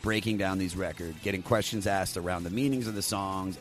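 A man hosting a podcast, talking casually and enthusiastically, swearing freely and jumping up in pitch as he hypes things. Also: a little fast, hardly any pauses, soft background music. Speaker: podcast host.

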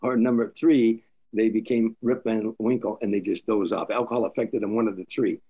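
An older man with a fairly low voice, telling stories as an interview guest. He acts out the lines of the people he quotes and often stammers and restarts his sentences. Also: steady tone, moderate pace, mellow. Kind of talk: storytelling interview.

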